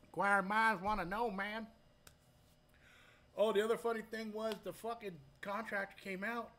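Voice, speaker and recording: A man from Hawaii hosting a live stream, telling stories and answering chat in loud, profane, animated talk. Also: sits high, normal speed. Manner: reads chat aloud and talks to viewers.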